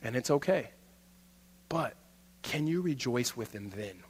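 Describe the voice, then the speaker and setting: A male pastor giving a conversational sermon, swinging between loud and hushed and laughing often. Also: mid-range voice, lively intonation, a little slow, husky, long reverb tail.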